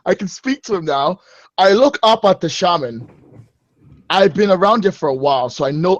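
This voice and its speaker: A young man playing a tabletop game, excitable and hammy, swearing at his dice. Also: high-pitched, normal speed, no echo, poor audio. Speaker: player. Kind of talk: casual game chat with in-character speech.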